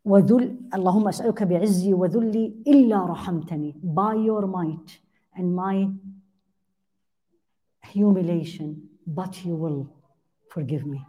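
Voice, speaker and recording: A woman's voice: lowish voice, brisk, pauses often, dark tone, slightly rough. A woman giving a religious lesson, translating Arabic supplications line by line and putting questions to her listeners. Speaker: religious teacher.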